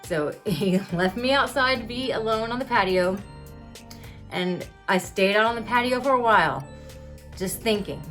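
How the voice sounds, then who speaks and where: Soft music plays under a woman's mid-range, slightly bright voice at normal speed. In her thirties, she speaks candidly to camera about living with epilepsy, open and confessional, chatting to viewers with fillers.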